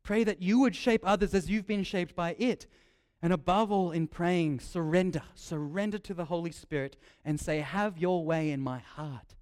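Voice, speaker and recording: A young man preaching a sermon, lively and joking, repeating his key phrases. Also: high voice, moderate pace.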